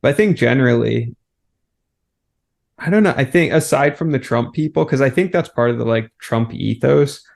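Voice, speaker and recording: A man co-hosting a podcast, relaxed and swearing freely, with lots of fillers. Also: medium pitch, moderate pace, vocal fry. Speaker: podcast co-host. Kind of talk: casual chat.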